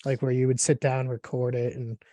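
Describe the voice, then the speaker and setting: A man hosting a casual interview, talking in a relaxed, rambling way with lots of fillers. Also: medium pitch, normal speed, no echo. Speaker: podcast host.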